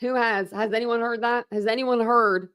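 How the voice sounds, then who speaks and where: A woman's voice: fairly high pitch, fairly even intonation, moderate pace, fairly bright tone, clear, resonant tone. A woman YouTuber reading legal documents aloud and answering them with indignant, exasperated remarks. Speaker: true crime YouTuber. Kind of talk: reading court documents aloud with heated commentary.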